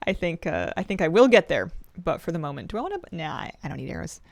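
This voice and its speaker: A woman's voice: low voice, big pitch swings, a little fast, creaky, dry recording. A woman streamer chatting casually while playing, thinking aloud and laughing often. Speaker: game streamer. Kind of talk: casual gameplay commentary.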